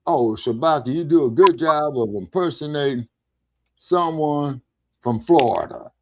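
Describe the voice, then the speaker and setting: A man's voice: a little high, measured pace, slight background noise. A man co-hosting an online talk show who tells folksy road stories, swears freely and acts out the dialogue himself. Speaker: co-host. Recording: dull, dry lo-fi audio.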